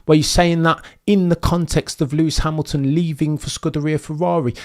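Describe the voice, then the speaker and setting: A man commenting on motor racing news in an animated, emphatic rant, speaking directly to his chat. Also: on the high side, a little fast, few pauses.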